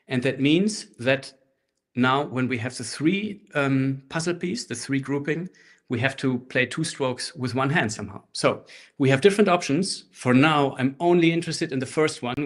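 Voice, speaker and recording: A man teaching a live online handpan workshop through a laptop microphone, explaining rhythms in a relaxed way and speaking rhythm syllables while he plays. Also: mid-range voice. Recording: laptop mic with handpan music. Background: handpan playing.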